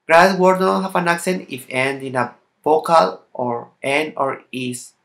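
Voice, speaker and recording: Slow, bright-voiced man teaching a lesson. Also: on the high side, creaky. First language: Spanish. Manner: slow, careful, non-native English, reading out word lists. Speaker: Spanish teacher. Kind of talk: recorded language lesson.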